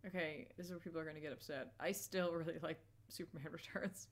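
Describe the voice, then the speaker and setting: A woman's voice: low voice, steady tone, fast talker. A woman co-hosting a casual talk show, telling stories in a chatty way and laughing often. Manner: chatty storyteller, giggly. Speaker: co-host. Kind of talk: casual chat.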